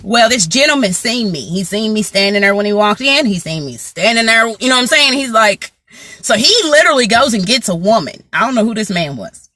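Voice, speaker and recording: A woman vlogger telling a story to her viewers in a casual, slangy, animated way. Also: mid-range voice, brisk, dry recording. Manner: animated, slangy, talks straight to the audience.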